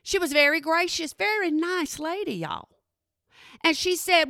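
A middle-aged woman telling a story in a chatty, animated way and often checking in with her listeners. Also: very high voice, unhurried, vocal fry, no echo, clean studio sound. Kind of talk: casual spoken storytelling.

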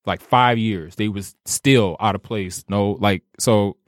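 Deep-ish guy from new orleans, podcast guest, heartfelt, dry close sound. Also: takes it slowly, dry recording. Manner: animated and heartfelt, laughs easily. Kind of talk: casual conversation.

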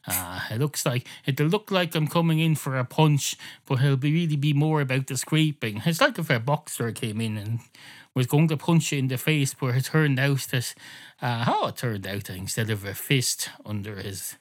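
A man's voice: mid-range voice, moderate pace. Rambling male comedy podcast host. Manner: rambling, digressive. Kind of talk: comic monologue.

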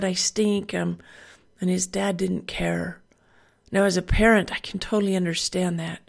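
This woman gives an earnest Christian devotional talk in a voice with a steady edge of vocal fry. Her pitch sits in a middle range for a woman, and she drives her points home by repeating a phrase again and again. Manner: earnest, builds points by repetition. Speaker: parent giving a devotional talk.

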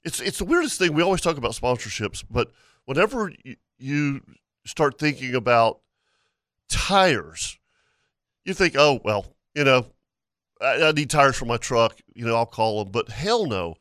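A man's voice: medium pitch, normal speed, no room sound, clean studio sound. A man hosting a radio outdoor show, chatting casually and working in sponsor plugs. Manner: lively, reads sponsor plugs. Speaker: radio host. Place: radio studio.

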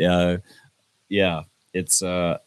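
A man's voice: low voice, little pitch movement, extremely slow, clean tone, no echo. A man co-hosting a podcast, telling stories in a laid-back, profane chat. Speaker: podcast co-host. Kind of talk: casual chat. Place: home in Hawaii.

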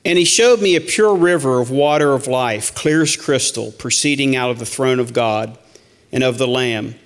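A man's voice: mid-range voice, moderate pace, in a large hall. A man teaching a Bible study in sermon style, reading scripture aloud and repeating key lines to the church.

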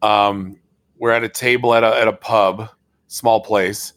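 An American man with a fairly low voice, making laid-back, joking remarks in a casual podcast chat. The recording sounds dry and close, with little room echo. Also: steady tone, a little slow, a bit bright. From United States.

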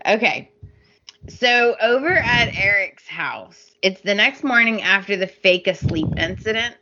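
A woman's voice: medium pitch, lively intonation, a little slow, sharp tone, lo-fi sound. A woman co-hosting a podcast, chatting casually, giggling, and recapping the plot. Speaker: podcast co-host. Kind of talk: casual chat.

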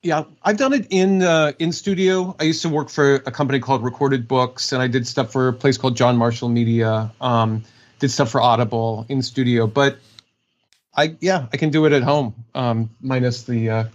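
A man's voice: medium pitch, steady tone, moderate pace, highs cut off. A man in a middle register talks about his audiobook work. His delivery is chatty and loose, with easy laughs between thoughts. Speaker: audiobook narrator. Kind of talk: casual interview talk.

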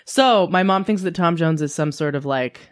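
A Canadian woman co-hosting a podcast tells family stories in a rambling, casual chat, saying "like" a lot. Her voice is lowish and her pace moderate.

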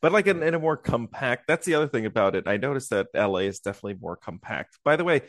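A man's voice: mid-range voice, big pitch swings, fast talker, fairly bright tone. A man co-hosting a podcast in casual chat, laid-back and joking. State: congested nose. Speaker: podcast co-host.

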